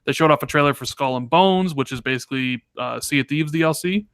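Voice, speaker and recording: A man co-hosting a casual gaming podcast, talking in an animated, exasperated, ranting way. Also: fairly high pitch, fast talker, clear, resonant tone, no echo, clean studio sound. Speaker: podcast co-host.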